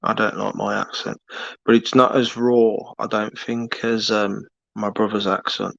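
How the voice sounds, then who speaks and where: A man with a Birmingham accent chatting casually on a late-night live stream, rambling and halting with lots of fillers. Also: fairly low pitch, flat delivery, creaky, a bit bright, no echo, highs cut off.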